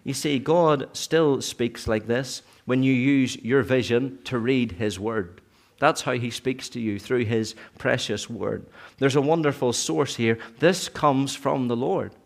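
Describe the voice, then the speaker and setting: A man preaching a sermon in church, earnest, sometimes rising to emphatic peaks and then dropping low. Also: unhurried, gravelly.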